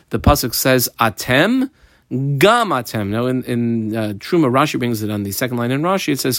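A man's voice: mid-range voice, dry recording, clean studio sound. A man teaching a page of Talmud in a conversational way, mixing in Hebrew and Aramaic terms and asking and answering his own questions. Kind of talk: daf lesson explaining the text.

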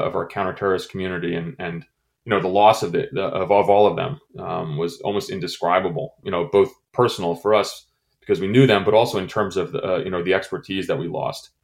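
A middle-aged man with a very low, deep voice speaks in an interview. He talks haltingly, full of fillers and restarts, with emotion close under the surface. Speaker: former intelligence station chief. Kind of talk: interview, personal recollection.

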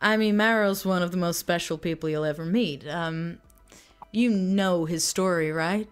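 A woman's voice: on the low side, moderate pace, smooth, faint music behind, close to an everyday voice. A woman voicing a glamorous, flirtatious alien woman bartender who calls people darling in a sweet, teasing way. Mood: gossipy.

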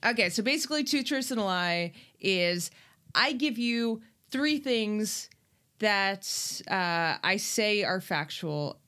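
A woman's voice: mid-range voice, lively intonation, slow pace, sharp tone. A woman co-hosting a podcast in casual chat, playful and self-mocking. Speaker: podcast co-host.

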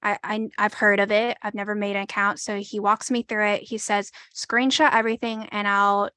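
In a conversational interview, a woman in her 20s recounts her story haltingly, leaning on "like" and performing the dialogue she quotes. She has a mid-range, bright, forceful voice with little pitch movement and a moderate pace, recorded with no room sound.

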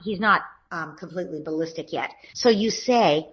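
A woman, a parenting expert, calmly explaining what parents can say to children who are fighting. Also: on the low side, moderate pace, hardly any pauses, slightly rough. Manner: calm, explanatory, acts out gentle parent lines. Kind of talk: advice conversation.

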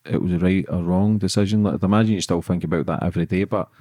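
A man with a low, mellow voice who talks quickly. He hosts a conversational podcast, asking blunt questions in a casual, filler-heavy way, recorded dry and close. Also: husky, no room sound. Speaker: podcast host.

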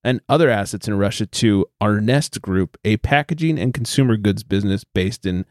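A man's voice: lowish voice, normal speed, a little mellow, dry recording, studio quality. A man hosting a casual podcast, reading beer news headlines aloud and joking about them. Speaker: podcast host.

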